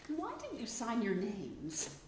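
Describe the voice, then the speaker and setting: A woman's voice: mid-range voice, wildly swooping pitch, unhurried, a little mellow. A woman playing a wry, teasing writer. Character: witty, wry woman writer at her desk. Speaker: stage actor. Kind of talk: stage play reading letters aloud. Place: theatre stage. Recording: roomy theatre, from far off, faint noise.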